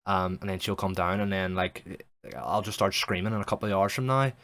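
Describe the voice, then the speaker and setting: Fretful, stammering husband, anxious, as a storyteller puts him on. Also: male voice, sits low, a little fast, fairly bright tone, dry recording. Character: fussy middle-aged husband, anxious and fretful.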